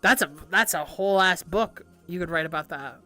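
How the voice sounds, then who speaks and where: A young woman streamer chatting casually with viewers, animated and giggly, swearing often and stumbling over restarts. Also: lowish voice, a little fast, faint music behind. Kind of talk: casual livestream chat.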